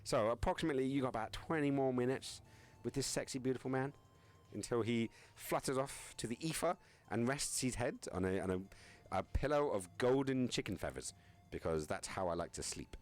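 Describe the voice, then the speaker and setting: A man's voice: mid-range voice, lively intonation, brisk. A young man streaming live, chatting casually with viewers, reading chat aloud and joking around. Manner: rambling, joking, reads chat aloud and laughs often.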